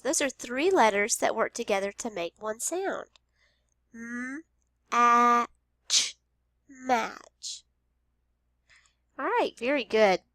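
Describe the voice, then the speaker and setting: A woman's voice: on the high side, fairly bright tone, no echo. A woman teaching a phonics lesson to young children, patiently sounding out each letter of every word.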